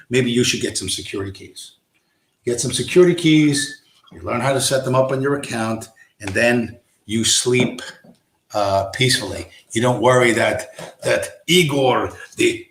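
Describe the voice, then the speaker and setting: A man's voice: mid-range voice, moderate pace, a bit bright, reverberant, a little hiss or hum. Man ranting with constant swearing. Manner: profane, heated, blunt. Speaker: livestream host. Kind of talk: ranting livestream monologue.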